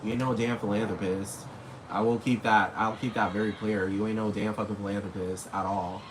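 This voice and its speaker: A man's voice: on the low side, steady tone, fairly quick. A man ranting casually and at length, rambling and swearing, talking straight at the people he's calling out. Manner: rambling, profane, talks straight at his targets. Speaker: vlogger. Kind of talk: casual rant to camera. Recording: noisy background hiss.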